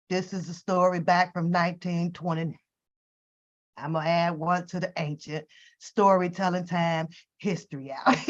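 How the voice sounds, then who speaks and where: A woman telling stories and giving comedic commentary in a profane, animated, joking way. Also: fairly low pitch. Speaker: reaction channel host. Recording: dull lo-fi recording.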